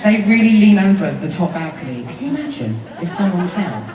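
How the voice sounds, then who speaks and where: A woman chatting playfully with a concert audience from the stage, excitable and laughing often. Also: on the low side, brisk. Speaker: singer talking to a concert audience. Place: large concert hall with balconies. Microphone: stage microphone. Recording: roomy live hall sound, crowd noise, from a distance. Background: cheering crowd.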